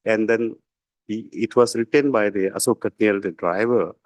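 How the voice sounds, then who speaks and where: A man's voice: fairly low pitch, fairly even intonation, moderate pace, a little mellow, no echo, low-quality recording. Deferential male lawyer. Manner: deferential, repeats "my lord" often, hesitant with fillers. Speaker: defence lawyer. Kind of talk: courtroom argument.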